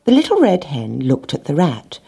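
A woman narrating a children's storybook in a gentle, expressive reading. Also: low voice, normal speed, gravelly, breathy edge.

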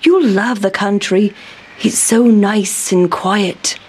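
Kindly country mouse, welcoming, unhurried, read by a woman. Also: medium pitch, darkish tone, slightly rough. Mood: friendly. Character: friendly, hardworking male country mouse. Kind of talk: storybook reading.

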